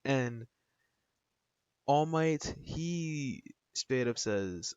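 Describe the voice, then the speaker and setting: At a measured pace and medium pitch, a man casually retells a fan story, rambling and slangy with many fillers. The recording is dull, dry and lo-fi, with no room sound.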